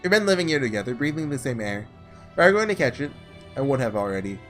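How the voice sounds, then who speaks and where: A man's voice: mid-range voice, very animated, quick pace, fairly bright tone, soft background music. A man reading a weary young woman narrator. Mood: reflective.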